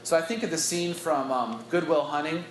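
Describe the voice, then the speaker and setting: A man's voice: a little high, normal speed, slight background noise. Earnest man teaching in an echoey room. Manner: earnest, reflective, conversational with fillers. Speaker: church staff teacher. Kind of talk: bible teaching talk. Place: church staff meeting room. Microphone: phone recording.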